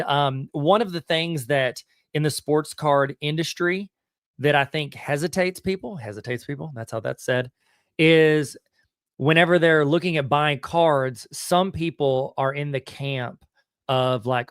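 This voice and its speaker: A man's voice: on the high side, clear, resonant tone, no room sound, studio quality. A middle-aged man with a Southern US accent hosting a podcast on a live stream, talking in a casual, slangy way with lots of fillers and restarts. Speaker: podcast host.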